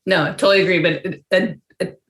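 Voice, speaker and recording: Podcast co-host, casual chat, mid pitch, filler-heavy, laughs easily. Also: fairly even intonation, quick pace, gravelly, fairly bright tone.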